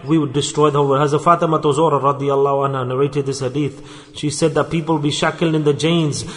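Male preacher, high voice, impassioned and repetitive, soft to loud swings. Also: fairly even intonation, fast talker. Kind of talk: sermon. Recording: long reverb of a hall.

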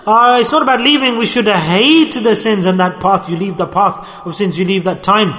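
A man's voice: high-pitched, normal speed, fairly bright tone. A man preaching a sermon in a large mosque, emphatic and storytelling, with many rhetorical questions. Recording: echoey hall reverb.

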